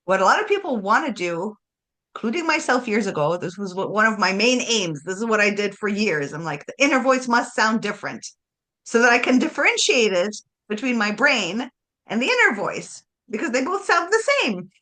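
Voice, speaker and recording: A woman chatting casually about spirituality, animated, laughing often and acting out voices. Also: medium pitch, normal speed.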